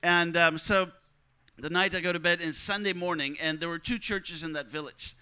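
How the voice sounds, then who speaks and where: A high, bright man's voice with a clean, smooth tone tells a personal testimony. He tells it like a lively storyteller and slips into the voices of the people he quotes. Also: normal speed, poor audio. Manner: vivid storyteller who acts out quoted dialogue. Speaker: speaker telling a mission testimony.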